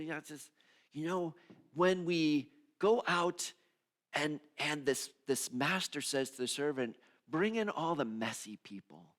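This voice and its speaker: A male minister giving a sermon in a conversational, expressive way, moving between hushed moments and emphatic ones. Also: mid-range voice. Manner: conversational, with restarts and repeated phrases.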